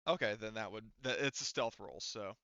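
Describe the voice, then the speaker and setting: A man's voice: lowish voice, normal speed, sharp tone, smooth, no echo, muffled recording. A man running a tabletop game as game master, rambling through his descriptions with lots of fillers and restarts.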